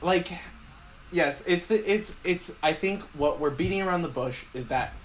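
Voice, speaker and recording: A man's voice: a little high, normal speed. A man co-hosting a podcast, arguing about a film in a blunt, teasing, profane way. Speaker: podcast co-host. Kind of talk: casual film debate.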